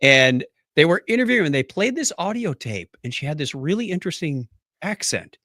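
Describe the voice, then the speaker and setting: A man's voice: a little high, big pitch swings, brisk, pushed and bright, no room sound, studio quality. A man co-hosting a podcast, telling a rambling story in casual chat and laughing often. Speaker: podcast co-host.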